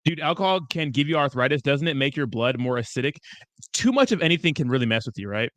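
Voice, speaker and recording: Profane, rambling young livestream host. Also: male voice, medium pitch, expressive, fast talker, fairly bright tone, dry recording. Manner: profane, rambling, loose and chummy. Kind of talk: casual livestream chat reading viewer comments.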